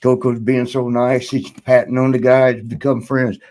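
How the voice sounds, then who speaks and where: A man's voice: mid-range voice, little pitch movement, normal speed, a little mellow. An older man, a guest in a shoot interview, telling a rambling story and laughing now and then.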